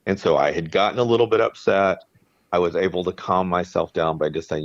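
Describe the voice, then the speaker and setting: A man's voice: low voice, a little fast, no echo. A man co-hosting a podcast, talking in an earnest, reflective way and often restarting his sentences. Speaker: podcast co-host. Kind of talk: casual chat. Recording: dry, dull lo-fi sound.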